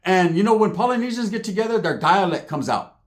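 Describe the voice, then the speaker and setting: A man telling a profane comic story, animated and acting out characters, with frequent "right?" tags. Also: sits high, brisk.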